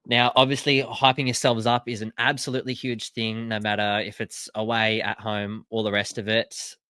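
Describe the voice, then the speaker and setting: Low-voiced podcast host. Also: male voice, level tone, normal speed, pushed and bright, clean tone, dry recording. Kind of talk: podcast interview questions.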